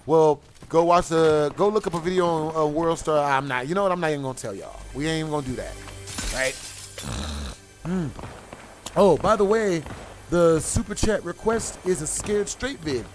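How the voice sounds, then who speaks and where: A man's voice: a little high, moderate pace, soft background music. A man streaming a game and telling a profane, slangy story in casual chat, laughing and coughing often. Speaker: gaming streamer.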